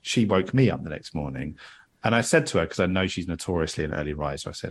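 Husky man telling a story. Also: low voice, expressive, fast. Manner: rambling, self-deprecating, acts out voices in anecdotes. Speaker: podcast host telling a story. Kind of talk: casual storytelling chat.

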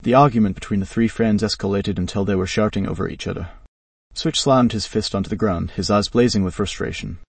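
A man narrating a dramatic story in a steady, even reading voice. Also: lowish voice, brisk, slightly rough, dry recording, distant mic.

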